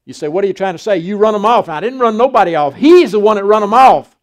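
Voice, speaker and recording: A man's voice: high-pitched, animated, quick pace. An older man, a pastor preaching a folksy sermon and acting out Bible dialogue.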